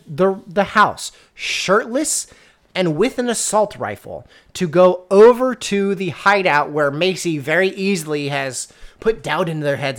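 A woman with a somewhat low voice chats casually on a podcast. She recaps a story with sardonic exasperation and lands her complaints through emphatic repetition. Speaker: podcast co-host reviewing a book. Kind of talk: casual chat.

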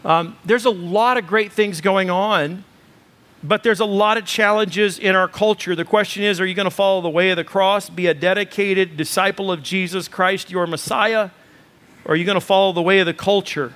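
A pastor delivers a sermon in a voice pitched high for a man. His talk is loose and conversational, full of ums, and it builds into emphatic repeated phrases. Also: fairly even intonation, moderate pace, a bit bright. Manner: conversational preaching with fillers, rising to emphatic lists.

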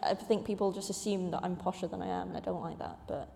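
A woman's voice: on the low side, steady tone, fast, creaky, mellow. A young woman with a neutral English accent and Mancunian touches, a panel guest chatting in a self-deprecating way. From Denmark and Manchester. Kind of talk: casual discussion. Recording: roomy hall reverb.

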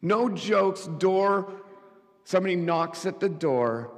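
A middle-aged pastor preaching a sermon, telling stories and swinging between loud emphatic lines and quick low asides. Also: male voice, expressive. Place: church. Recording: church hall with long reverb.

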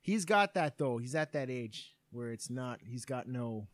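A man's voice: medium pitch, expressive, unhurried. A man in his thirties, a podcast co-host telling a long story in casual, profane chat.

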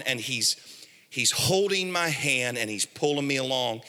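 Bright-voiced man preaching emphatically. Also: medium pitch, a little slow. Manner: emphatic, repeats key phrases, lively storytelling. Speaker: pastor. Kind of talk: sermon. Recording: echoey hall.

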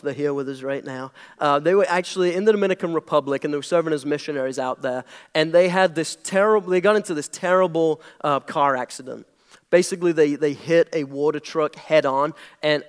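A man's voice: a little high, clean tone. A young British man preaching a sermon to his congregation in a chatty, joking way. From Britain. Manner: conversational and jokey, leaning into his words. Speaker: pastor. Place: church hall before a congregation.

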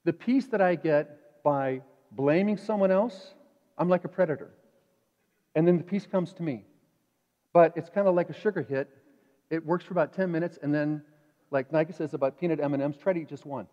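Animated preacher, higher-voiced man. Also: normal speed. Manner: animated, acts out inner voices; conversational, asks the congregation questions. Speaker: pastor. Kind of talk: sermon. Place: church sanctuary. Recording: dull reverberant church hall.

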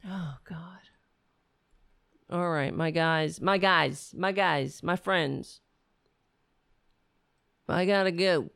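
A woman hosts her live-stream show in loose, rambling chat, ranting one moment and thinking aloud the next. She talks slowly in a somewhat low voice that is starting to go hoarse. The sound is dry and close to the mic. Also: a bit bright, no echo. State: losing her voice.

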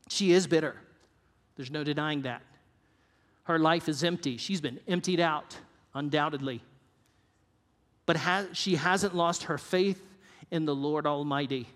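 Male pastor, high-pitched, earnest sermon delivery, hall reverb. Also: fairly bright tone. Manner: earnest, varies pace and drops low for emphasis.

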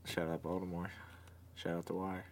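Laid-back young man, low voice. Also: completely flat delivery. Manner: laid-back, swears freely, quick to joke. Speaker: podcast co-host. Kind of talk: casual chat.

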